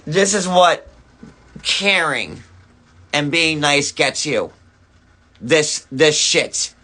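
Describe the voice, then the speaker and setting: Male streamer, furious profane rant, stammers, bright edgy tone, slow delivery. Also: fairly high pitch, expressive. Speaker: livestreamer. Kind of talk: angry ranting livestream. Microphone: phone.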